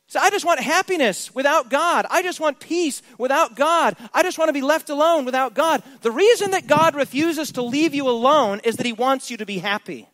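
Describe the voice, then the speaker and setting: A man's voice: extremely high pitch, fairly bright tone, no echo. A male preacher giving an emphatic sermon, posing rhetorical questions to his congregation.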